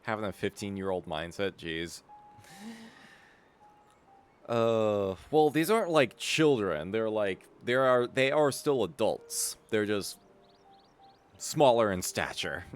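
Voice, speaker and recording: Male streamer, lowish voice, rambling and self-deprecating, light music behind. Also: expressive, slow pace, long pauses, clear, resonant tone. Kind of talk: casual commentary over a game.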